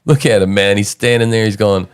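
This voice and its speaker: A man's voice: on the low side, steady tone, brisk, smooth. A man hosting a podcast, talking in casual, profane, joking commentary. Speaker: podcast host.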